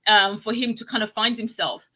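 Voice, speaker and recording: A woman hosting a live online show, chatting casually and telling stories excitedly, often breaking into laughter. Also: mid-range voice, moderate pace, slightly rough, poor audio. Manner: excitable, animated storytelling with laughs. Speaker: talk show host. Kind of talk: live casual TV review chat.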